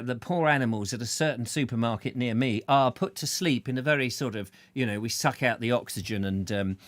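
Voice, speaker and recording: A man's voice: medium pitch, fairly bright tone, no echo. A man hosting a live chat show, greeting viewers by name in a rambling, jokey way full of silly asides. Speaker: show host.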